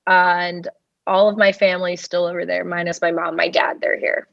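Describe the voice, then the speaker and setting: A woman's voice: lowish voice, level tone, normal speed, creaky, a bit bright. A young woman in her twenties from Russia, a stand-up comedian chatting as a podcast guest in a rambling way full of fillers. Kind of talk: casual podcast interview. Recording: dull, dry lo-fi sound.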